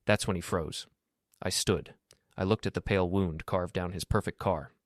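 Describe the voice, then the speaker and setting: A man narrating a first-person story in a calm, measured, cutting manner. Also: low voice, dry recording, clean studio sound.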